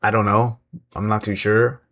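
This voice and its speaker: A man's voice: lowish voice, little pitch movement, normal speed, fairly bright tone. A man casually recapping a wrestling show, rambling with lots of fillers, chuckling and joking about himself. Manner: rambling, self-deprecating, many fillers and chuckles.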